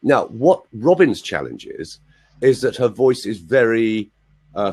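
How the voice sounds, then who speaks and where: A man's voice: medium pitch, animated, unhurried, a little mellow, breathy edge. A male voice coach explaining techniques on an online call, with joking asides. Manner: explanatory, demonstrates sounds, jokey asides. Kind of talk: teaching on a group call.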